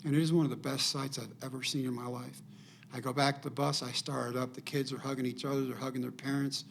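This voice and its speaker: Gravelly older man telling a story. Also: medium pitch, fast talker, slight background noise. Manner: animated storyteller acting out quoted dialogue. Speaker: podcast guest. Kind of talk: personal storytelling.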